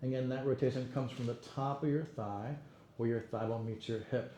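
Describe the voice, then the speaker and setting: A man's voice: medium pitch, steady tone, normal speed, warm tone. Encouraging male fitness instructor, roomy echo. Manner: encouraging, counts reps, frequent praise. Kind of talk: guided exercise class cueing. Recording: roomy echo, faint room noise.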